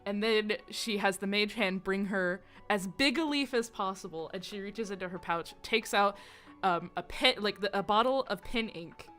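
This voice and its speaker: Bright, chatty woman player. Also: mid-range voice. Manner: chatty, excitable narration of her character. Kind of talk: tabletop game play.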